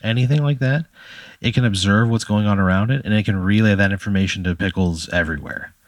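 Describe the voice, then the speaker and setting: Low-voiced man, rambling comedic narrator, dry sound. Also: quick pace, no room sound. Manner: rambling, full of "like" fillers. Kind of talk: improvised storytelling.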